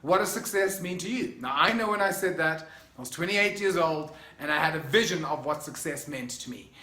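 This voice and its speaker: Bright high-voiced South African man. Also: expressive, brisk. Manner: enthusiastic, emphatic, conversational. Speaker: motivational speaker. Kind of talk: motivational vlog talk. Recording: echoey room.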